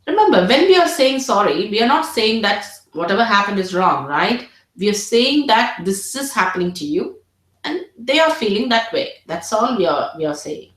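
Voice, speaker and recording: A woman's voice: medium pitch, very animated, normal speed. Earnest woman tutor in a roomy echo. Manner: earnest, repeats words, models empathetic phrases. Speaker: medical exam tutor. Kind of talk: teaching presentation.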